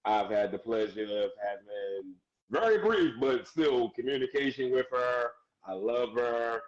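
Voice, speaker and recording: Male DJ guest, animated and chatty, muffled lo-fi sound. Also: medium pitch, measured pace. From United States. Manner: animated, laughs often, gives shout-outs. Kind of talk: casual live-stream interview.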